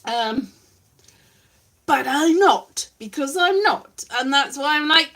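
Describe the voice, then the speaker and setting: Bright high-voiced young woman. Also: animated, slow pace, long pauses. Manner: rambling, self-mocking, slips into silly voices. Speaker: vlogger. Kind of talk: casual chat to live viewers.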